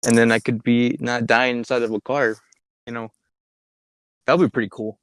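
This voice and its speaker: A man's voice: mid-range voice, little pitch movement, normal speed, clean tone. A young man co-hosting a podcast, chatting casually and telling profane, rambling stories with lots of fillers, recorded in a car. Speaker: podcast co-host. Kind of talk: casual chat. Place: inside a car.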